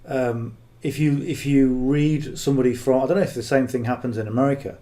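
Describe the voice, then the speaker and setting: A man talks through marketing advice off the cuff, blunt and earnest. His voice is mellow and rather dark, at an ordinary pitch. He keeps tagging his points with "okay?". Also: fairly even intonation, fairly quick. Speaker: affiliate marketing coach. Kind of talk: casual unscripted coaching talk.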